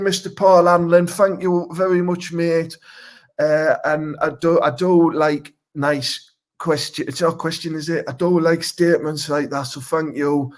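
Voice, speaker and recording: Pitched on the high side and only lightly acted, this man's voice carries a Teesside accent. As a comic superhero character, a crude and boastful local wannabe, he rambles and swears his way through a live comedy Q&A.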